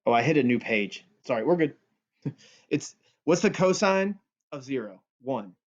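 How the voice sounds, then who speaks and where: A man's voice: medium pitch, lively intonation, moderate pace. A male math teacher giving a recorded calculus lesson in a playful, joking way. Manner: playful and goofy, jokes with students. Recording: dull lo-fi audio.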